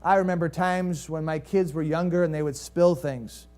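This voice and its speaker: Guy pastor with a fairly high voice, preaching a sunday sermon, asks the crowd questions, goes big then drops real quiet. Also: normal speed. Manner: storytelling with rhetorical questions to the congregation; swings between lively rises and quiet, hushed drops.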